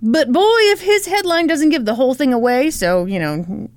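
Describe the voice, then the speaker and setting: A woman co-hosts a podcast in giggly, sarcastic casual chat. Her voice is high and swoops all over. The sound is dry and close to the mic. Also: animated, moderate pace, darkish tone, no room sound. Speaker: podcast co-host.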